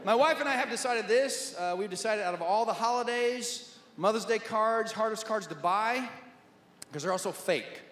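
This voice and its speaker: High-voiced stand-up comic man. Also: normal speed, a little hiss or hum. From Nebraska, USA. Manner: wry, animated storytelling. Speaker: stand-up comedian. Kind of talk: stand-up comedy. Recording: echoey hall, loud audience.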